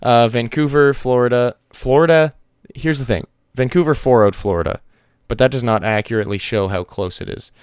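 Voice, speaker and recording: A man co-hosting a casual esports podcast, chatting quickly through teams and players. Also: medium pitch, clean tone, no echo, studio quality. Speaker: podcast co-host.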